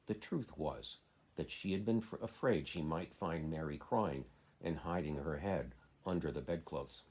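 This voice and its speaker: A man, a father, reading a children's classic aloud in a steady, plain way. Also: very deep voice, unhurried, husky. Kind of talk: storybook reading.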